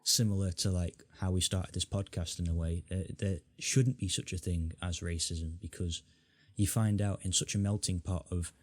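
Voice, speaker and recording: A man's voice: low-pitched, steady tone, moderate pace, no room sound. A young man with a neutral northern English accent hosting a casual podcast chat, rambling a little and restarting his sentences. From England. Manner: rambling, many restarts, puts on accents for fun. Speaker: podcast host.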